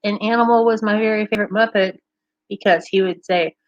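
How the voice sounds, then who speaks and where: A woman's voice: medium pitch, steady tone, fairly quick, dry recording, dull audio. A woman hosting a livestream, chatting casually and cheerfully with viewers and laughing often. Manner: bubbly, laughs often, chats with live comments. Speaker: livestream host.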